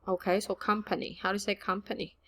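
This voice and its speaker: A woman teaching a casual online language lesson, chatty and relaxed, mixing English and with frequent fillers. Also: medium pitch, quick pace. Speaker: Cantonese teacher.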